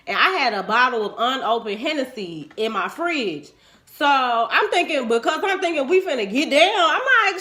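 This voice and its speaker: Animated young woman telling a frank story. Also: moderate pace. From Chicago, US. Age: 20s. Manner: animated and frank, acting out quoted lines in swooping pitch. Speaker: vlogger telling a personal story. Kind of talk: candid storytime monologue.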